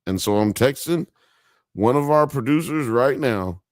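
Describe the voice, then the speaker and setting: A man with a mid-range voice runs a live stream, taking his time as he reads out the chat and jokes around. The sound has no echo, and he laughs frequently, curses and puts on mock accents with plenty of energy.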